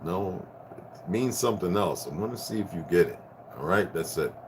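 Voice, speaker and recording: Fifties guy ranting about spirit stuff, swears a lot, kinda low voice, gets loud then real quiet, bit of faint noise behind. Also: moderate pace. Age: 50s. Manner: profane, preachy, swings from loud bursts to hushed tones. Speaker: vlogger. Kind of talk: rambling spiritual rant.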